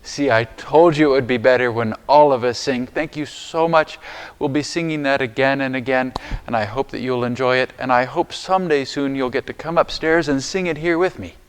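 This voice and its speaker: A man serving as chaplain, talking gently and encouragingly to preschool children inside a church, using simple words. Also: medium pitch, normal speed, clear, resonant tone. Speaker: chaplain leading children's chapel.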